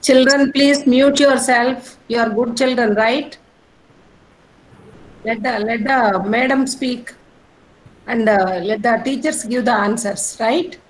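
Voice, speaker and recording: Slow, coaxing teacher. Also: female voice, a little high, a little hiss or hum, rough recording. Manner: slow, coaxing, soft-spoken. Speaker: teacher keeping order.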